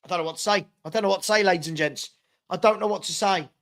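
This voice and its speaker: An exasperated man with a fairly high voice hosts a live football watchalong. He calls each pass and groans at his own side's play between shout-outs to viewers. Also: very fast. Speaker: watchalong host.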